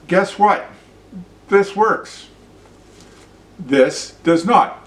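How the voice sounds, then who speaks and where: A Canadian man hosts an opinion vlog, delivering a blunt, ranting, profane monologue along with a demonstration. His mid-range voice moves at a measured pace, and the recording sounds roomy with the mic at a distance.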